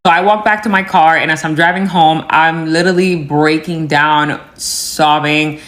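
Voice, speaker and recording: A woman's voice: sits low, fairly even intonation, moderate pace, few pauses, fairly bright tone. A woman telling a personal story on camera in a candid, casual way, with many fillers and acted-out dialogue.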